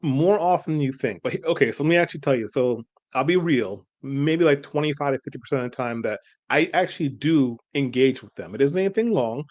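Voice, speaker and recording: A man's voice: medium pitch, animated, fairly quick, hardly any pauses, a little mellow. Earnest, rambling man. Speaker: co-host. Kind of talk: casual reaction chat.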